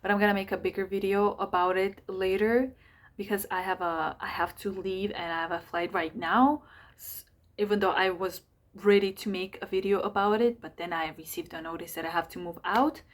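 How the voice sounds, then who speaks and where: Hurried woman reading astrology, lots of fillers. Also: mid-range voice, steady tone. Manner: hurried, full of fillers and self-corrections. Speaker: astrologer giving monthly sign readings. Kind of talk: casual rushed talk to camera.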